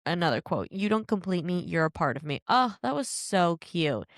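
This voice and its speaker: A woman co-hosting a book podcast, chatting casually and reading reader reviews aloud in an animated, bubbly way. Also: on the low side, normal speed, no echo, clean studio sound. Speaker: podcast co-host.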